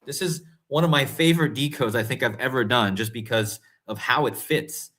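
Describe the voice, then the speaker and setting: A man hosting casual conspiracy commentary, talking straight to his viewers and growing excitable and incredulous. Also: mid-range voice, moderate pace. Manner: excitable, rising to incredulous emphasis; talks to viewers directly, often calling them guys and folks. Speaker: host.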